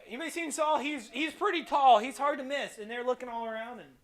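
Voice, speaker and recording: A man giving a lively children's church sermon, telling stories and acting out voices. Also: extremely high pitch, brisk. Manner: animated storyteller, acts out voices. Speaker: kids church preacher.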